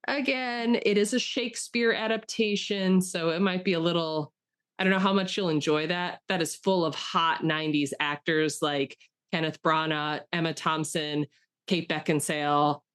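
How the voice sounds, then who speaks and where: A woman's voice: deep voice, steady tone, moderate pace, fairly bright tone, clean tone. A woman co-hosting a podcast, talking enthusiastically about a film in casual chat with lots of fillers. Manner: chatty, enthusiastic, with frequent fillers and restarts. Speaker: podcast co-host.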